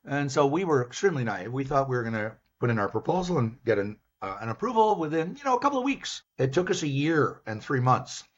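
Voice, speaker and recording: An older Canadian man speaks as a guest, telling his stories with animated energy and slipping into his own past lines. His voice is husky and sits at a middle pitch for a man. The recording comes through dull and lo-fi. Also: fast talker, few pauses. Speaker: guest, business professor. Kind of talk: storytelling in an interview. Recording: dull, lo-fi sound.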